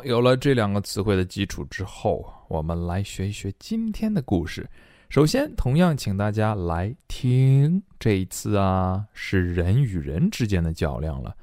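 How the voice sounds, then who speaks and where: A man with a Chinese accent, a native Mandarin speaker, teaching a bilingual English reading class in a playful, animated way. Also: on the low side, dry recording, clean studio sound.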